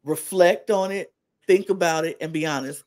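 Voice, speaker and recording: A podcast co-host giving a casual reality-TV recap. The speaker sounds incredulous and animated and repeats lines for emphasis. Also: mid-range voice, normal speed, no room sound.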